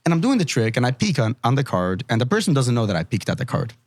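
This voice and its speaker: Animated magician man telling stories. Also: mid-range voice, quick pace, no echo. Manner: animated storyteller, acts out quotes, laughs often. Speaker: magician guest. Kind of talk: casual podcast chat. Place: studio.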